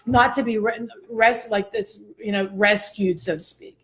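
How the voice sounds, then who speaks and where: Animated woman host telling a story. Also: medium pitch, unhurried. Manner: animated, expressive, laughs often. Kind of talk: casual storytelling chat.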